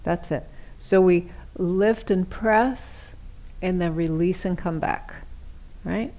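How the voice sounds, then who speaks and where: A middle-aged woman leading a seated yoga class, giving gentle, chatty cues and often checking in with "right?". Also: lowish voice, slow. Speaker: chair yoga instructor.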